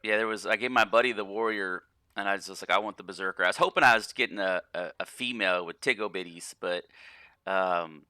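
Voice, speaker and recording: A man's voice: sits low, quick pace, sharp tone, clear, resonant tone, no echo. A man casually commenting on his gameplay in a rambling, profane way, often repeating and restarting words. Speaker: gaming channel host.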